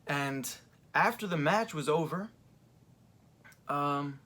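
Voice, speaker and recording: A young adult man talking through events in a casual commentary vlog, rambling with lots of fillers, seated in a creaky chair. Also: on the high side, lively intonation, slow pace, bright, forceful tone. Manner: rambling, filler-heavy retelling. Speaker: wrestling fan reviewer.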